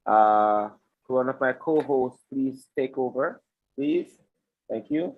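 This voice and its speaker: A man's voice: medium pitch, slow pace, phone-quality sound. Man hosting a glitchy live webinar. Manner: chatty, improvising through technical trouble. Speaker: webinar host. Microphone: computer mic on a video call. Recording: broken-up online call audio.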